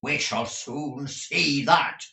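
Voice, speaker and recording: A man's voice: mid-range voice, extremely slow, creaky, roomy sound, recorded from a distance, pitched above the performer's own voice, full character voice. A man voicing a blustering, cruel middle-aged schoolmaster who barks and sneers. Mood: bullying. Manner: bullying, sneering, loud barks.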